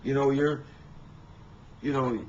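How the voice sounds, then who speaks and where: A man telling rambling personal stories in a halting way, with many restarts and fillers. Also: medium pitch, steady tone, a little mellow, lo-fi sound.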